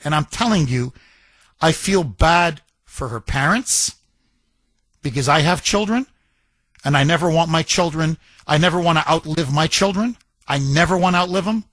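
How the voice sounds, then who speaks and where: Middle-aged radio host guy ranting, bright forceful voice, keeps repeating himself for emphasis. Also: on the high side, no room sound. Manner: emphatic, repetitive, indignant. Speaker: radio talk show host. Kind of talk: opinion talk radio monologue.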